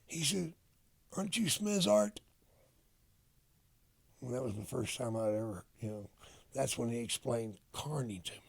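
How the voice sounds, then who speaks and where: An older man, a retired wrestler, telling stories in a casual interview, profane and animated as he acts out old conversations. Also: medium pitch, brisk. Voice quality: gravelly, husky. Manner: profane, animated storyteller acting out quoted dialogue.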